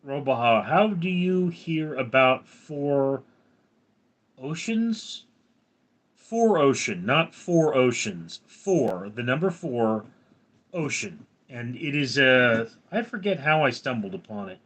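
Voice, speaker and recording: Dude reading out his livestream chat, slow and bright, teasing people. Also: medium pitch, sing-song. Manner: reads chat names, teasing. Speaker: livestream host. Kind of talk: casual live chat reading.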